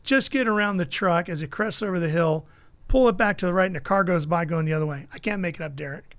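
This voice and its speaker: A man's voice: high-pitched, fast talker, no echo. A middle-aged man, a motorsports broadcaster, telling stories in a casual chat and acting out the people he quotes. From California. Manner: animated storyteller, acts out quotes.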